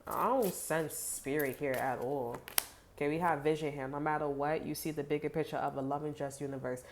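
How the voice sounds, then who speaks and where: A woman's voice: low voice, fairly even intonation, fairly quick, a little hiss or hum. A woman giving a casual tarot reading to viewers, chatty and blunt, swearing freely with lots of "like" fillers. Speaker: tarot reader.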